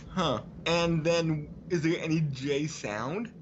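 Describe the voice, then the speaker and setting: A woman reading game dialogue aloud at an unhurried pace while she plays a game with a friend. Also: dull audio, a little hiss or hum. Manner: slow, drawn-out delivery with lively pitch. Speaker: gaming co-host. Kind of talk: casual let's play, reading dialogue aloud.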